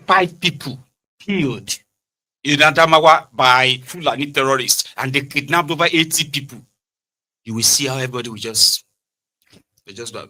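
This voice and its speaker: Animated Nigerian man, bright voice. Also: medium pitch, brisk. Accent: Nigerian, Yoruba. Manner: animated, mixing Pidgin and Yoruba, acting out quoted exchanges. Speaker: commentary show host. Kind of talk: political commentary monologue.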